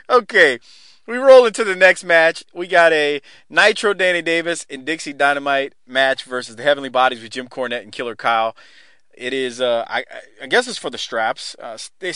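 A man hosting a casual podcast chat who laughs often, swears freely and talks in quick, rambling restarts. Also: a little high, expressive, pushed and bright, clear, resonant tone, dry recording, studio quality. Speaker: podcast host. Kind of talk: casual podcast chat recapping a wrestling show.

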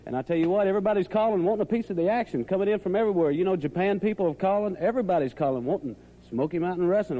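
A man hyping a wrestling promotion in an excited voice. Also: high voice, low-quality recording. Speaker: pro wrestler.

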